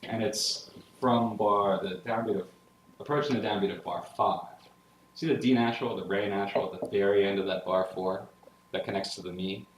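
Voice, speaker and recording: In a music theory lecture, a man with a somewhat low voice speaks a little fast, guiding his class through passages step by step with solfege and enthusiastic check-ins. He is energetic and clearly loves the music. There's a roomy echo, and a piano plays clearly in the background.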